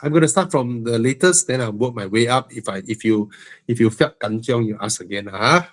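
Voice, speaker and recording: A man's voice: mid-range voice, fairly quick. Stuffy-nosed Malaysian man, frank and joking. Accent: Malaysian English. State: stuffy nose, breathing heavily. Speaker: host answering car-buying questions. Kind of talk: live Q&A stream.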